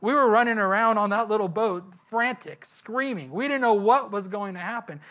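Man putting on an old fisherman, excited, slightly raised voice. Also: sits high, moderate pace. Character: grown man, a fisherman, retelling a near-drowning with amusement.

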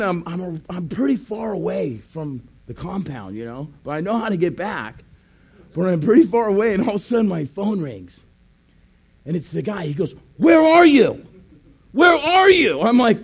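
Male pastor, high voice, animated testimony storyteller who bursts into shouts. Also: normal speed, breathy edge. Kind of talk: testimony sermon.

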